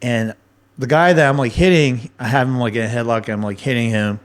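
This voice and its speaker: A man at an ordinary, mid-range pitch tells stories in a loose podcast chat. He is animated and swears freely, and he slips into the voices of the people in his stories as he goes. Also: a little fast. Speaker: podcast guest. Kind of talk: casual storytelling chat.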